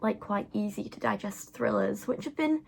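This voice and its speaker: A woman's voice: medium pitch, moderate pace, creaky, a little mellow, slight background noise. A young woman chatting casually to camera, rambling with lots of fillers as she vlogs. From England. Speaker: vlogger.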